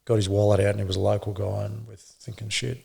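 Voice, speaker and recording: A middle-aged man, a former police officer, telling his story in an interview with blunt swearing and halting restarts. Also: on the low side, level tone, creaky, warm tone, husky. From Australia.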